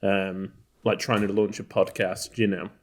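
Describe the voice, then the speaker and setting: Texas guy on a movie podcast, kinda low voice, lots of ums and likes, rambles. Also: little pitch movement, a little slow. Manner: rambling, many fillers and restarts. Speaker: podcast co-host. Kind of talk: casual film chat.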